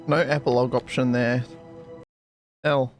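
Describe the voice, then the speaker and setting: A man's voice: medium pitch, flat delivery, unhurried, faint music behind. A man streaming and chatting casually, rambling and giggly, hiccuping with the sniffles. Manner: rambling, giggly, self-mocking. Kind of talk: casual chat.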